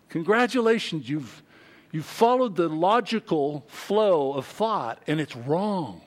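A pastor preaching to his congregation in a high, light voice. He is emphatic and animated, jumping into voices for the people he quotes and leaning hard on key words. He leaves pauses between his phrases. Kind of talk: sermon.

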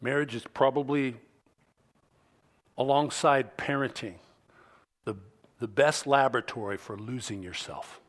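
Slow emphatic preacher man. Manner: emphatic, rises to loud stressed phrases then drops low and quiet; slow, deliberate delivery with repeated phrases. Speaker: pastor. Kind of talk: sermon.

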